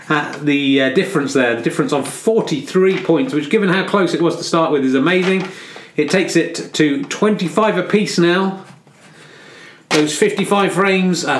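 Guy doing joke snooker commentary at home, bit high voice, echoey room with faint hiss. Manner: chatty, hesitant, fillers and restarts. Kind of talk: comic mock sports commentary.

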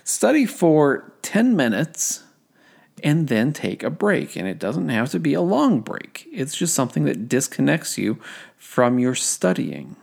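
A man's voice: fairly high pitch, very animated, a little slow, creaky, a little mellow, slightly rough. A young man hosting a casual study-tips podcast, rambling and self-deprecating, full of fillers and restarts. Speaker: podcast host.

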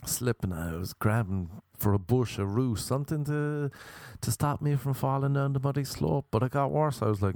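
A man's voice: mid-range voice, expressive, moderate pace, a little mellow, no echo, clean studio sound. A young Irish man with a Cork accent, rambling through a sardonic stand-up story, swearing and acting out voices. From Ireland.

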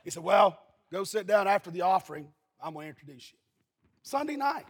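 Husky high-voiced man preaching in a hall. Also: expressive, brisk. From Eastern Kentucky. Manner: folksy storytelling, bursts into shouting. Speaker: pastor. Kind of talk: sermon. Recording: husky voice in a long-reverb hall.

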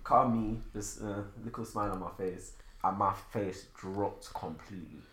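A man co-hosting a podcast, telling stories in animated, laughing banter. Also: lowish voice, normal speed, roomy sound. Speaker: podcast co-host. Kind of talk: casual banter.

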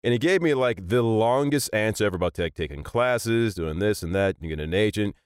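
A man in his thirties, a voice actor, telling stories in a casual chat, animated and laughing often. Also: lowish voice, a little fast, clean tone, no echo, clean studio sound. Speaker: voice actor guest.

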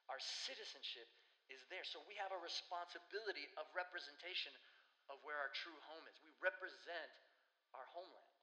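A male pastor giving a sermon in an earnest, conversational way with slow pauses. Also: a little high, pushed and bright. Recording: echoey hall with long reverb.

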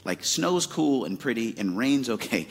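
A man's voice: medium pitch, big pitch swings, moderate pace, gravelly, slightly rough. A man in his forties from Arizona, preaching a sermon in a casual, conversational way with many fillers. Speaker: pastor.

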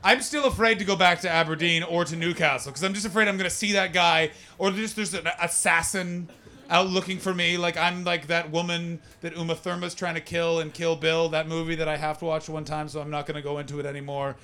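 A male stand-up comedian with a bright, ringing voice, pitched a little higher than most men. He rambles through crude, self-mocking stories and keeps turning to chat with the crowd. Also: fairly even intonation, a little fast. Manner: talks with the crowd. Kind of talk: live stand-up storytelling.

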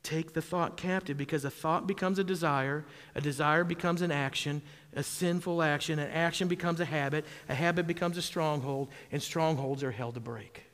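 A high, bright-voiced man preaches a lively sermon, calling out for amens and rising to shouts at the big moments. He is from southwest Wisconsin. His voice rings with a long hall reverb. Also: moderate pace, few pauses. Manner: animated preaching, calls for amens, shouts at peaks. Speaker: pastor.

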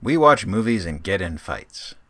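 A man's voice: deep voice, big pitch swings, a little slow, sharp tone. A man co-hosting a comedy podcast, making dry jokes in casual chat. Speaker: podcast co-host.

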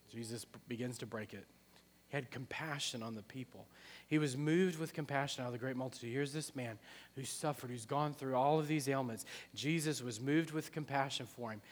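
A male pastor preaching a sermon, repeating his phrases and swinging between hushed and loud passages. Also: mid-range voice, moderate pace, long reverb tail.

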